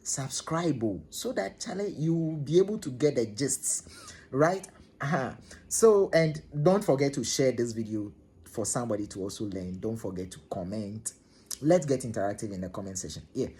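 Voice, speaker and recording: A man's voice: medium pitch, lively intonation, normal speed, a little mellow, husky. A man chatting to viewers as he tells a story, repeating himself and checking in with his listeners. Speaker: storytelling vlogger. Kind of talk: casual spoken storytelling to camera.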